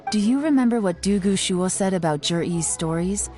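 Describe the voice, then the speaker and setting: A woman voicing a calm, shrewd young female traveler in video game dialogue, measured and politely formal. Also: medium pitch, faint music behind, lightly acted. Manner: measured, playfully formal when flattering.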